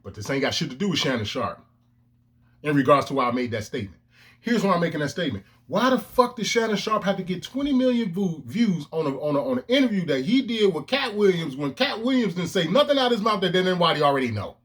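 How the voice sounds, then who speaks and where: A man's voice: high-pitched, sing-song, quick pace, fairly bright tone, slightly rough. A man ranting to his own camera in heated, profane commentary, with emphatic outbursts. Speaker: vlogger. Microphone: camera lens, self-recorded.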